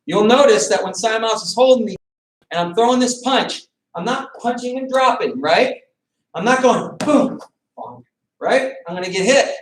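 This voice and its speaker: This man's pitch is extremely high, and he speaks in an animated, fairly quick way. He's a martial arts instructor running a beginner boxing class by video call, shouting counts and commands as he coaches. Echo fills the room, and the microphone is distant.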